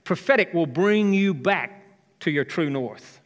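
A man's voice: a little high, lively intonation, unhurried. A man in his fifties, a pastor, preaching a sermon and joking with the congregation. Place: church hall. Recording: live hall reverb.

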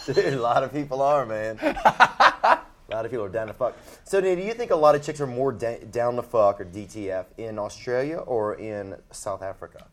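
A man's voice: medium pitch, normal speed. A man with a Southern American accent hosting a casual comedic interview, asking goofy, playful questions and laughing often. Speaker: comedian host.

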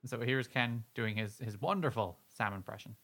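A man's voice: medium pitch, moderate pace, over loud music. A man co-hosting a podcast in casual banter, playful, with frequent laughter and mock-serious asides. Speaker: podcast co-host.

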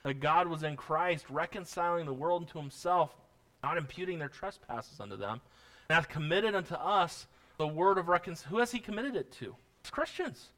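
A man preaching a sermon in a high, bright voice. He reads scripture aloud and drives his points home with mounting force, mixing in a folksy, self-deprecating humor. Plain church preaching. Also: expressive, moderate pace. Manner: preaching with rising, forceful emphasis and quoting scripture. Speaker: pastor.

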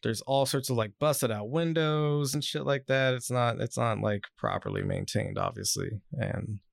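A man's voice: medium pitch, big pitch swings, moderate pace, creaky, dry recording. A man hosting a casual podcast, rambling with lots of fillers and swearing, sometimes reading an article aloud. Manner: reads article passages aloud. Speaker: podcast host.

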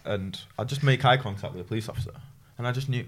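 A man's voice: medium pitch, quick pace. Man telling a story. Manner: animated anecdotes, acts out quoted voices. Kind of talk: casual chat, storytelling.

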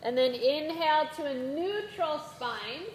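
A woman teaching a playful yoga class for children, giving gentle, encouraging instructions. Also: high-pitched, lively intonation, unhurried. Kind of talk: guided kids' yoga class. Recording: echoey room with faint background noise.

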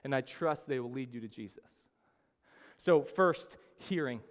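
A man preaching a sermon as a pastor, telling the story with sudden rises in pitch and volume. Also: unhurried. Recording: long hall reverb.

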